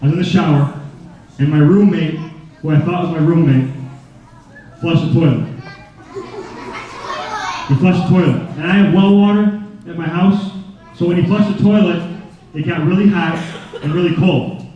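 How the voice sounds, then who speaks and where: Animated man telling stories in an echoey gym. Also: on the high side, normal speed, long pauses. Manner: lively, acts out scenes, keeps calling "guys". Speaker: school assembly speaker. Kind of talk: animated storytelling talk to children. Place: school gym or assembly hall. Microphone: handheld microphone. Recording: echoey hall from far off, dull sound.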